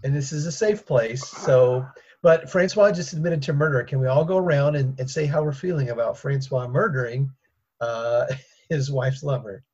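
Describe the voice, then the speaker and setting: A man's voice: mid-range voice, normal speed, darkish tone, natural voice. A man playing a flustered group therapist, patient and given to chuckling. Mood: moderating. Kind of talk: improvised comedy role-play. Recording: dull lo-fi mic with clear hiss.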